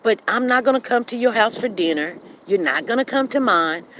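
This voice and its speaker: A woman hosting a casual live stream while she walks outdoors, chatting straight to her viewers and greeting them by name. She drops to a lower, quieter tone when she gets serious. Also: lively intonation, a little fast, a little hiss or hum, poor audio. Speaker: livestream host. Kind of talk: casual rambling live chat. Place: outdoors, walking.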